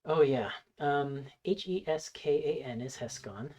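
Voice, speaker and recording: A game master narrating a tabletop game in a loose, hesitant way, with many pauses and restarts. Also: medium pitch, animated, a little mellow, slightly rough, lo-fi sound.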